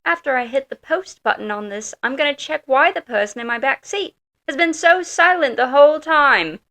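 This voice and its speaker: A woman doing a mock British reader, dramatic and overdone, with a bright, high voice. The reading comes out theatrical, each line pressed for effect. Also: lively intonation, normal speed, exaggerated voice. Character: woman reading a story post aloud in put-on British voice.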